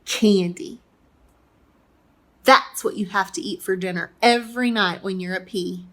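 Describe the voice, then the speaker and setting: A woman running a kids' cooking lesson and reading a children's story aloud with an expressive storyteller's delivery. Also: medium pitch, unhurried. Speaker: cooking and reading teacher for kids.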